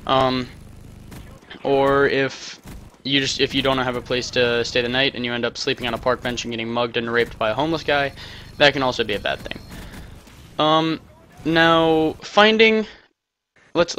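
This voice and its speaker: A man's voice: mid-range voice, sharp tone, slight background noise. A young American man giving casual gameplay commentary, rambling with self-mocking jokey asides. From United States. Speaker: gaming commentator.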